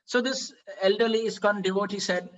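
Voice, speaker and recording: This storytelling sermon at a devotional festival comes from a man with a high voice who talks a little fast. He's animated, acting out quoted dialogue and using lots of "uh" fillers, and the sound is lo-fi.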